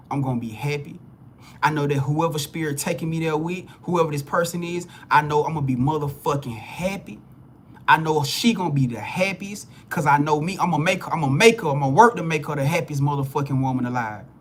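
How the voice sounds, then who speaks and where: A man with a high-pitched voice, speaking as a spiritual reader on a live stream. He talks bluntly and profanely in a preachy way, often restarting and repeating words for emphasis. Faint noise sits under his voice. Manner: repeats words and restarts phrases when heated. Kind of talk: live reading to viewers.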